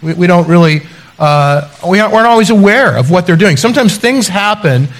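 A middle-aged pastor preaching a sermon, his voice sitting fairly high for a man. He tells stories in a relaxed, conversational way with self-deprecating humor. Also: brisk.

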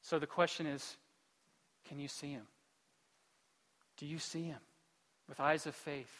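A man preaching a sermon as pastor in a church, moving between quiet pleading and loud, lively storytelling. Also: fairly high pitch, measured pace, long reverb tail. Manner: shifts from hushed pleading to loud, animated storytelling. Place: church sanctuary.

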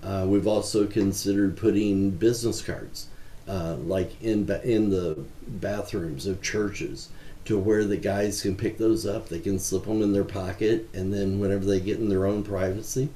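A man who founded a ministry, giving earnest, measured interview answers with frequent fillers. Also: sits low, steady tone, warm tone, slight background noise. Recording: roomy echo.

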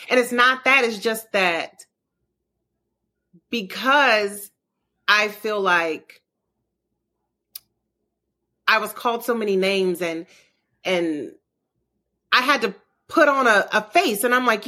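A woman's voice: a little high, lively intonation, measured pace, sharp tone. A woman co-hosting a podcast in casual chat, blunt and tough-talking, swearing freely and acting out what she said to others. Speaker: podcast co-host.

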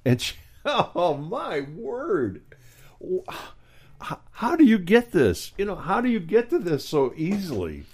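A woman hosting a casual chat, reacting warmly and effusively. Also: lowish voice, huge pitch swings, slow pace, husky. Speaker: host.

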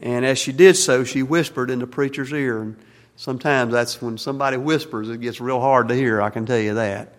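In a church sanctuary, a man serving as a Baptist pastor delivers a sermon and closing prayer in a plainspoken, folksy way, with fillers and restarts. His mid-range voice is steady and a little fast, with a big-room sound.

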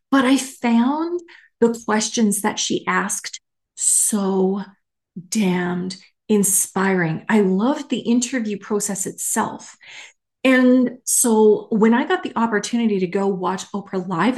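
A woman's voice: medium pitch, a little mellow. A woman hosting a solo podcast, talking in a candid, emphatic way and swearing casually. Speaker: podcast host.

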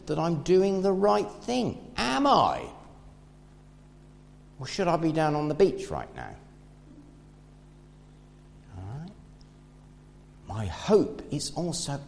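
A man preaching a sermon, telling a Bible story and swinging between loud and hushed delivery. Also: fairly high pitch, huge pitch swings, takes it slowly, vocal fry, long pauses, a little hiss or hum. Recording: long hall reverb.

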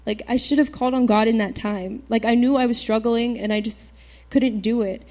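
An earnest teenage girl shares her faith testimony with a church group. She talks in a halting way, full of fillers and restarts. Her voice sits a little high but has a warm, mellow tone. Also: steady tone. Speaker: youth speaker giving a testimony.

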